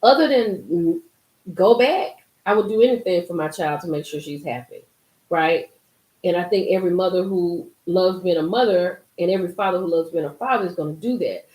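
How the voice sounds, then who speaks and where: A woman hosting a casual live-stream commentary, emphatic and animated, reading and reacting to viewer comments. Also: fairly low pitch, a little fast. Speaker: YouTube commentary host. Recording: roomy echo.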